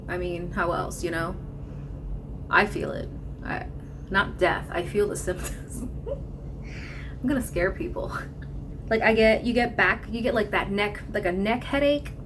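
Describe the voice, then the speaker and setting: Chatty young woman vlogger, noisy room. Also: medium pitch. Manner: chatty, laughs often, many "like" fillers. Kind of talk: casual talk to camera.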